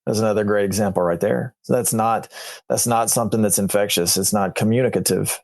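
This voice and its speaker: A man, a veterinarian guest on a radio show, explaining conditions in a relaxed, plain way. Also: fairly low pitch, a little fast, vocal fry, dry recording. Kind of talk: casual explanatory chat.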